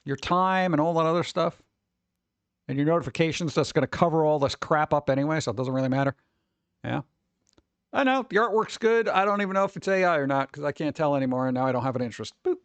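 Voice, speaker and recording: A man's voice: fairly high pitch, quick pace, clear, resonant tone, no room sound. A man in his forties rambling casually as a stream host, chatty and wry, tossing in asides and muttered reactions.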